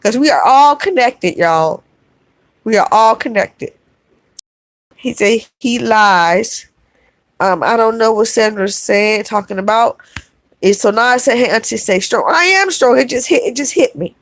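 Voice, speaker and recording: A woman's voice: on the high side, animated, a little slow, dry recording. A middle-aged woman vlogger talking heartfelt to her live chat, calling her viewers y'all and repeating herself for emphasis. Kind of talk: emotional livestream chat.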